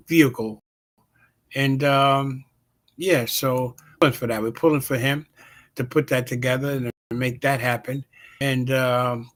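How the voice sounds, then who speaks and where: A man's voice: medium pitch, a bit bright. A man hosting a talk show, chatting casually with many fillers and restarts. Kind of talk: casual promo chat.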